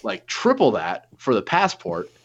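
A man's voice: medium pitch, unhurried, vocal fry. A man in his twenties telling a story in casual chat, swearing freely and acting out the voices of the people in it. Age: 20s. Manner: profane, animated retelling with quoted dialogue. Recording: dull lo-fi audio.

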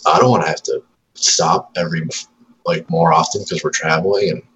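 A man's voice: sits low, steady tone, a little fast, a bit bright, slight background noise, poor audio. A man in his thirties on casual chat, telling profane stories about his toddler and acting out her lines.

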